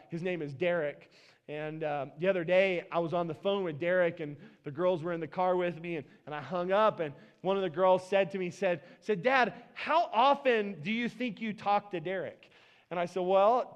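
Male pastor, high voice, chatty sermon delivery with stumbles and repeats, worn mic in a church. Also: dull audio. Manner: conversational, frequent restarts and repeated words. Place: church sanctuary. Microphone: worn microphone.

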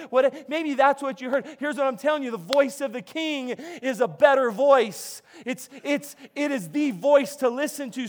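A man preaching a sermon as a pastor, in a conversational, jokey style with frequent restarts and repeated words. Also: very high voice.

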